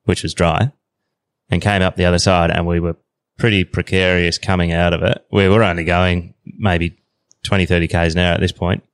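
A man in his thirties with an Australian accent, telling a story as a podcast guest in a relaxed, slangy way. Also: low-pitched, moderate pace, no echo. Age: 30s. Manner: relaxed yarn-spinning, slangy. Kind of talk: casual storytelling.

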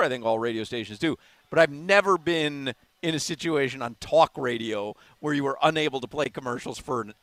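A man's voice: medium pitch, a bit bright, no room sound. A man hosting a live talk radio show, chatting in a rambling, self-amused way from a remote broadcast. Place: bar or restaurant remote broadcast.

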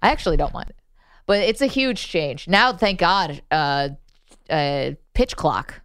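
A woman's voice: on the low side, expressive, unhurried, fairly bright tone, clean tone, no echo, studio quality. A woman hosting a sports talk radio show, playful and opinionated in casual banter. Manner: playful, opinionated, laughs easily.

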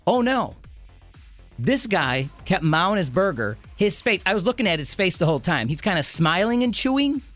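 A man's voice: high-pitched, very animated, normal speed, a bit bright, soft background music. A man co-hosting a morning radio show, telling a story in casual banter and often stopping to restart his sentences. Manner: rambling storyteller, self-interrupting.

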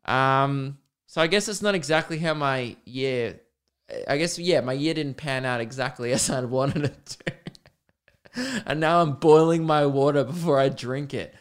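A man's voice: medium pitch, unhurried, clean tone. A young Australian man hosting his own podcast, talking in a rambling casual monologue, laughing often and swearing freely. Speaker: podcast host.

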